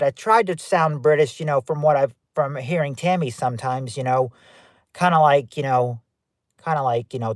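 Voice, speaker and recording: A man hosts a casual game night livestream, talking straight to his viewers. His voice sits a little high for a man and he rambles, starting sentences over and repeating phrases. The sound is dry and close, with no room around it. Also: dry recording. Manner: rambling, repeats himself with many restarts. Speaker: livestream host. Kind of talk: casual chat reading live chat.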